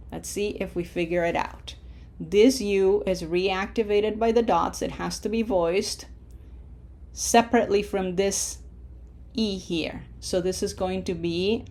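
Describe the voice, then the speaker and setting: A woman teaching a pronunciation lesson, drawing out model words slowly and coaxing the learner with questions. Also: on the low side, steady tone, darkish tone. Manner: slow, drawn-out model words between explanations. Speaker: Spanish teacher.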